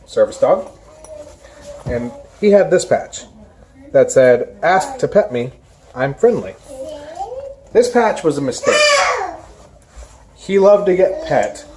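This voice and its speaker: A woman's voice: low voice, slight background noise. A woman who handles a service dog, talking to camera in an informal, emphatic way and hammering home her main points. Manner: emphatic, repeats key points; lively mimicry of careless strangers. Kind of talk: informal educational talk to camera. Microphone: camera in front of her.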